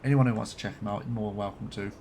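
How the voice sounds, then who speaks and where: Live-streaming a game, a man from Birmingham, England chats casually with a light local accent and the occasional swear word. His voice is fairly low, steady and darkish, and he talks quickly. A slight hiss or hum sits in the recording.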